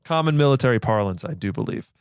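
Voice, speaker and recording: A man's voice: medium pitch, lively intonation, fast, darkish tone, clear, resonant tone, no room sound, studio quality. A man guest on a movie podcast, stammering a little and self-deprecating, just over an illness. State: recovering from illness. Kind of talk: casual movie podcast chat.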